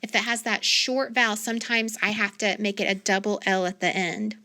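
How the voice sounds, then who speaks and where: A woman's voice: mid-range voice, fairly quick, bright, forceful tone. A woman teacher giving a phonics lesson to young students, patient and questioning as she sounds out words.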